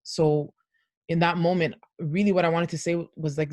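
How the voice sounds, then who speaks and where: A woman's voice: fairly low pitch, fairly even intonation, moderate pace, a little mellow, no room sound, studio quality. A middle-aged woman speaking earnestly as a parent on a panel discussion, over a video call. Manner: earnest, heartfelt.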